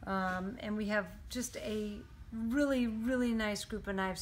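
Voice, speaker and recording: A woman's voice: mid-range voice, lively intonation, unhurried, few pauses. A woman presenting her company's knives in an upbeat, detailed product showcase.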